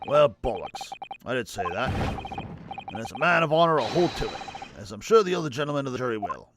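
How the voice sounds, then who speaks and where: A man plays a gruff, blustering British juror in a game. The put-on accent is broad and hammy. Music runs behind it. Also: mid-range voice, big pitch swings, fast. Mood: grudging.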